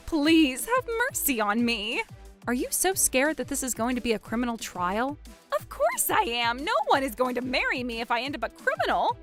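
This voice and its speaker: A woman voicing a shameless, scheming young woman who whines and pleads in a high voice. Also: sing-song, normal speed, a bit bright, soft background music. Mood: pleading. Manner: pleading, high-pitched whining. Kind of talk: animated story voice acting.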